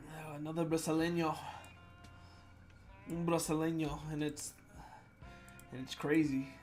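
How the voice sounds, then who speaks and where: A man reading submitted fan jokes out loud in a playful comedic voice, with sudden loud swings. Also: on the high side, level tone, a little slow, soft background music.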